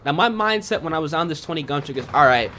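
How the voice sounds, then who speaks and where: A man talking through his own gameplay in a loose, self-critical way, with a bright, forceful tone and a voice that sits a bit high for a man. Faint noise lies under his voice. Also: animated, fast. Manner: casual, self-critical, frequently says "man" and "you know". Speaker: gaming video creator. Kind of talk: gameplay commentary.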